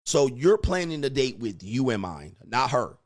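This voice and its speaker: A man's voice: mid-range voice, very animated, moderate pace. A man lecturing on dating in a blunt, emphatic way, swearing and acting out quoted exchanges. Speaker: dating advice host. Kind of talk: lecturing monologue.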